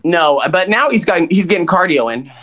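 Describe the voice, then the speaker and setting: A man's voice: high-pitched, animated, normal speed, a bit bright. A man co-hosting a podcast, recapping a movie in casual chat, joking and swearing, and acting out the characters' lines. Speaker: podcast co-host.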